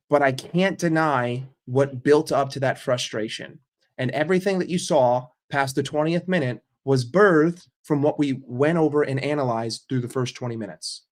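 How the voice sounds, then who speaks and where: An American man ranting as a football fan vlogger, emphatic and profane. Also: mid-range voice. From United States.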